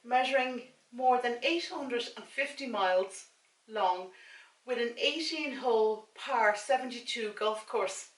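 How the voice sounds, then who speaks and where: An Irish vlogger and mother chats casually and a bit scatterbrained on her own vlog, reading snack labels aloud during a tasting. Her voice is slightly high, expressive and unhurried. The room echoes and the camera sits far away.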